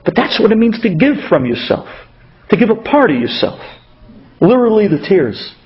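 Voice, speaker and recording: A man with a high voice delivers a religious talk through stories. He animates the people in his tales as he goes, and the recording is dull and lo-fi. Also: sing-song, moderate pace. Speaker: inspirational speaker.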